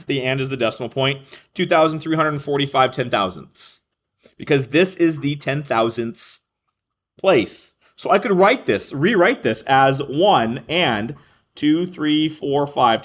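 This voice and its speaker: A man's voice: a little high, fairly bright tone. A male math teacher explaining a lesson to a class, thinking aloud, correcting himself and calling on students by name.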